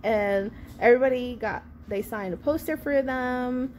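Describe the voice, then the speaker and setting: A woman in her thirties, a vlogger telling a sassy, animated storytime about an outing with her kids. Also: fairly high pitch, a little slow, slight background noise. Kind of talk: storytime vlog.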